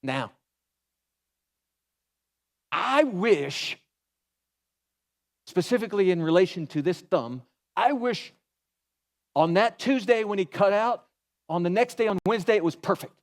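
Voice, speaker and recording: A pastor giving a sermon in an animated, folksy way, mixing humor into his storytelling. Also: high voice, unhurried, long pauses. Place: church.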